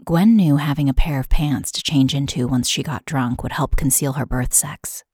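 Female podcast host for scripted true crime, matter-of-fact delivery, low and breathy. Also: moderate pace, no echo, clean studio sound. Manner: steady, matter-of-fact reading.

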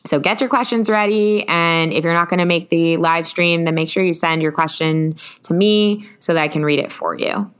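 A woman's voice: lowish voice, a bit bright, clean tone. A woman hosting a podcast in casual chat, talking loosely with many fillers and frequent laughs. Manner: chatty, full of fillers, quick to laugh. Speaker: podcast host.

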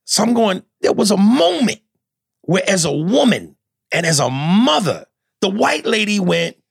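A man co-hosting a casual talk show, retelling a film scene with lively, animated delivery. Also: high voice, a little slow, vocal fry, breathy edge, no echo, clean studio sound. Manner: animated storytelling, acting out scenes in mimicked voices. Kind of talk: casual chat.

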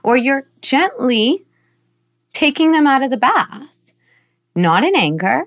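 Slow and high-pitched, a middle-aged psychologist guesting on a podcast walks through parenting ideas. Her tone is earnest and instructive, with playful animation whenever she offers an example.

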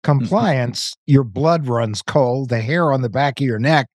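A man co-hosting, with a slightly husky voice and a dry, close sound. He makes wry jokes in casual chat. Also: medium pitch, a little slow, a little mellow, no echo. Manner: wry and joking. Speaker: co-host.

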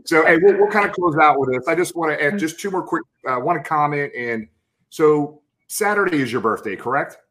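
A man's voice: a little high, expressive, brisk, fairly bright tone. Hyped male sports show host. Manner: hyped, calls guest brother and man. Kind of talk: casual sports talk.

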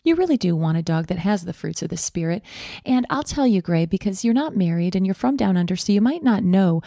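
Brief: woman improviser, preachy and sermonizing, mellow tone, dry close mic. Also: medium pitch, brisk, dry recording. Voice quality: preachy, animated with put-on quotes. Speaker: co-host. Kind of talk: improvised comedy character chat.

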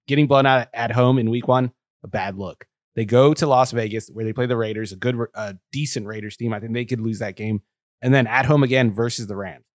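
A man's voice: mid-range voice, no echo. A man podcast host giving dry, blunt analysis in casual sports chat.

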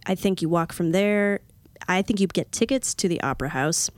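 Woman w/ very low voice, laid back, recommending stuff. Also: normal speed, dry recording. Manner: relaxed, recommending. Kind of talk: casual podcast chat.

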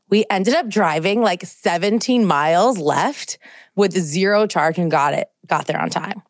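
A woman's voice: on the low side, normal speed, dry recording, clean studio sound. A young woman co-hosting a podcast, telling a long story in casual chat and filling it with "like". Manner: animated storyteller, heavy use of "like". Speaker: podcast co-host.

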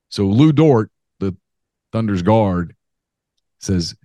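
A man co-hosting a sports podcast, telling stories in an animated, emphatic way. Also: low-pitched, a little slow, no echo, clean studio sound. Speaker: podcast co-host. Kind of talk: casual sports talk.

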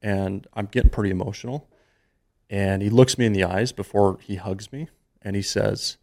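A man's voice: lowish voice, fairly even intonation, a little fast, darkish tone. A man in his thirties, a podcast guest, telling a personal story in an earnest, emotional, conversational way.

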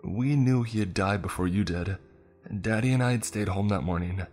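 A man's voice: lowish voice, moderate pace, a little mellow, soft background music, pitched above the performer's own voice, lightly acted. A man doing a sobbing, guilt-ridden mother. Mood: tearful. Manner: pleading, tearful.

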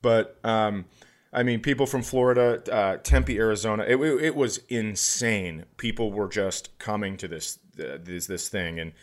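Deep-ish guy podcasting, rambling story, lots of restarts, gets loud n excited sometimes. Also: moderate pace. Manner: animated storytelling, many restarts, bursts of shouting. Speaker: podcast co-host, comedian. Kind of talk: casual chat.

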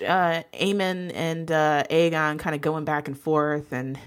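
Woman podcast co-host, very low voice, halting casual musing, light laughs. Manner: hesitant, many fillers and restarts, laughs lightly. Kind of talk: casual chat.

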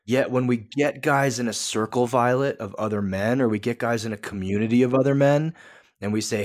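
Man, podcast guest, earnest, emphatic, coaching tone, medium pitch. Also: brisk. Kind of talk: podcast interview.

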